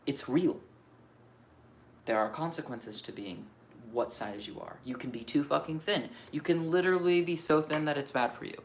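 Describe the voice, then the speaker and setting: A man's voice: on the high side, moderate pace. A man giving a raw, unscripted monologue for his astrology channel, cursing freely as he vents. He circles around his thoughts and second-guesses himself aloud, with a faint hum of room ambience behind him. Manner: frank, profane venting; restless, self-questioning rambling.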